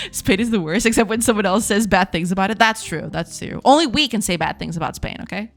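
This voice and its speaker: A woman's voice: mid-range voice, expressive, a little fast, soft background music. A woman from Portugal, a Portuguese native speaker, streaming game development and chatting with viewers, laughing often as she reads chat aloud. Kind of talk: casual live-stream chat.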